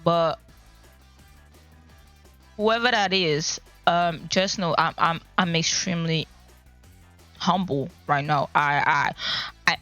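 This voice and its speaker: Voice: medium pitch, slow, pauses often, bright, forceful tone, lo-fi sound, soft background music. A streamer talking casually on a live stream, stammering and repeating words, the voice cracking with emotion. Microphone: laptop microphone.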